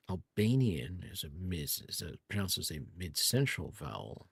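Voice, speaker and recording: A man's voice: sits low, very animated, moderate pace, gravelly, hardly any pauses, husky, no room sound. A man streaming a game, musing aloud in a rambling way and correcting himself as he goes. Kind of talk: casual gameplay streaming. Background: faint game music.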